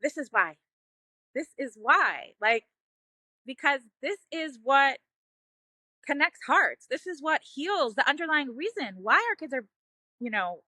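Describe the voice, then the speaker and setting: A woman's voice: high-pitched, pushed and bright, no room sound. A woman telling a heartfelt personal story as a mother on a parenting show, earnest and emotional, often saying "like" and "you know.".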